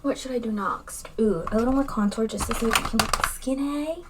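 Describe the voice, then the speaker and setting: A woman's voice: on the high side, a little fast, heavy background noise. A young woman chatting casually in a makeup vlog, rambling and candid, with lots of fillers as she talks. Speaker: vlogger.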